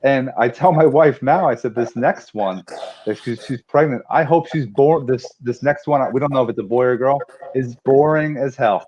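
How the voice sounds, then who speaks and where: Male guest, candid and reflective, mid pitch, muffled lo-fi line with faint hiss. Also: normal speed, a little mellow. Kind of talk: personal conversation. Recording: dull lo-fi audio with faint noise.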